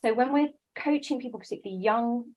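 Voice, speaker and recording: Lively woman giving a coaching talk. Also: on the high side, low-quality recording. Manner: lively and self-deprecating, with quick quoted asides. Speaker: coaching speaker. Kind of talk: conference talk.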